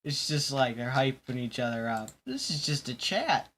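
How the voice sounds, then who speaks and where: A man's voice: medium pitch, big pitch swings, normal speed, a bit bright. A young man hosting a casual chat stream, rambling and joking, often breaking into laughter. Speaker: stream host.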